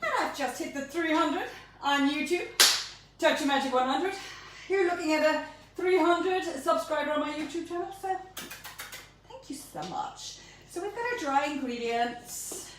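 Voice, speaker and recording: Her voice high and her pace normal, a woman runs her own baking show, bantering playfully through a recipe and stumbling over words a lot. It's recorded from afar in a very echoey room with a little background noise.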